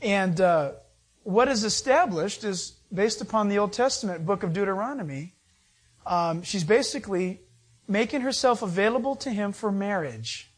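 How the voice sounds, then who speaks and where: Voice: medium pitch, animated, normal speed. Conversational preacher telling a Bible story. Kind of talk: sermon.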